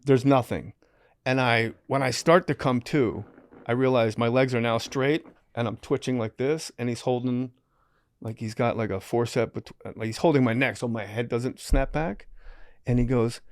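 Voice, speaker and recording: A man's voice: medium pitch, steady tone, moderate pace, no echo, clean studio sound. A man hosting a podcast, telling a story in casual conversation, acting out the quotes as he goes and swearing freely. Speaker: podcast host.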